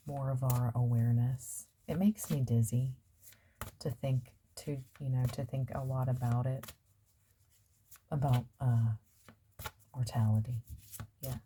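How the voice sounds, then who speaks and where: A woman's voice: extremely low pitch, steady tone, slow pace, long pauses, mellow, a little hiss or hum. A woman giving a casual tarot reading, musing aloud and trailing off with fillers as she turns over cards. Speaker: tarot reader.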